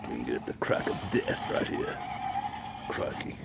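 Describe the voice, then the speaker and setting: A man's voice: moderate pace, very noisy. A man casually narrating as he drives a small RC truck on an outdoor trail, talking playfully to the truck, recorded on a phone on a mount. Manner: playful, talks to his toy truck. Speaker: RC crawler hobbyist. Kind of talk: casual outdoor vlog commentary.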